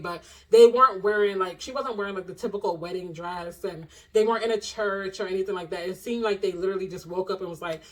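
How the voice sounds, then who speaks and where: A young adult woman telling a personal story to her viewers in a casual vlog, animated and expressive, full of slang and asides to the audience. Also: mid-range voice, poor audio.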